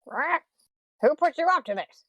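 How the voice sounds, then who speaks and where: A woman playing a tabletop game, asking quick, quizzical questions. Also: high-pitched, animated, fairly bright tone, no room sound, muffled recording. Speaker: player.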